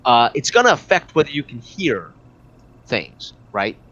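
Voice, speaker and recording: Man, game master, hesitant descriptive narration, mid-pitched, dull lo-fi audio. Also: very animated, measured pace, fairly bright tone, a little hiss or hum. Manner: hesitant, many fillers and restarts. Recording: dull lo-fi recording.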